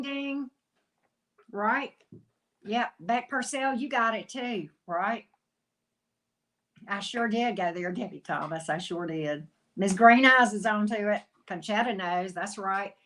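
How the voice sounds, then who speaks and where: A woman's voice: mid-range voice, pushed and bright, rough recording. A woman hosting a live tarot stream, chatty and teasing, greeting viewers by name as she reads the cards. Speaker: tarot reader hosting a livestream. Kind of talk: casual livestream chat.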